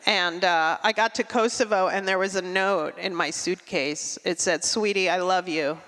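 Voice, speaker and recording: A middle-aged woman doing a stand-up comedy set, with a dry, deadpan delivery and quick asides. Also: on the low side. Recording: long hall reverb.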